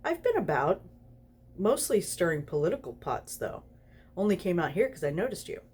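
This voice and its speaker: A woman's voice: lowish voice, sing-song, normal speed, darkish tone, husky, heavily acted. Woman doing Crowley, a purring mocking demon. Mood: teasing. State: tipsy. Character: sly teasing male demon, serpent form.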